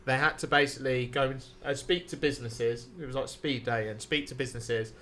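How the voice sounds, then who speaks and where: A man's voice: medium pitch, steady tone, a little fast, a bit bright, slight background noise. A man, a podcast guest telling a rambling night-out story with swearing and laughter. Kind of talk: casual storytelling.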